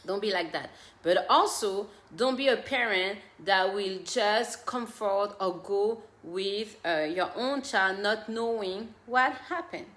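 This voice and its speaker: A woman hosting a parenting show offers earnest, direct advice to parents, mixing in her own stories in a casual way. Her voice is mid-range and fairly bright, recorded in an echoey room.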